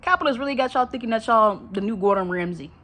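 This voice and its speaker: A woman's voice: a little high, fast, fairly bright tone. Blunt, profane young woman ranting. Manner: blunt, profane, calls viewers out. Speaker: vlogger. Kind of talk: casual ranting monologue.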